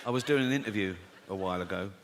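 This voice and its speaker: A man performing a stand-up routine, chatty and profane, putting on quick voices for the people in his stories. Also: lowish voice, a little hiss or hum. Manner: conversational, swearing, acts out characters. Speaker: stand-up comedian. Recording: live stage mic in a large hall with loud audience ambience.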